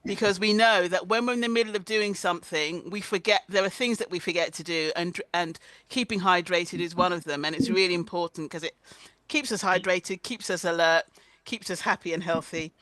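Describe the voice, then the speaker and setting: A woman's voice: lowish voice, fairly quick, fairly bright tone, dry recording. A woman hosting an online conference over a video call, chatty and prone to fits of laughter. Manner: giggly, keeps breaking into laughter. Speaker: conference host. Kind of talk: casual online presentation.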